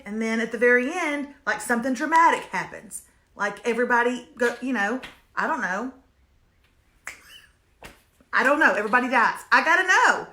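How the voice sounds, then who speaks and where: A woman chats to her viewers in a bright, somewhat high voice, reviewing shows and reading their comments aloud. She repeats her lines for comic emphasis. Her voice rings around a reverberant room. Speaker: host reviewing streaming shows. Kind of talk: casual livestream chat, reading viewer comments. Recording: echoey room.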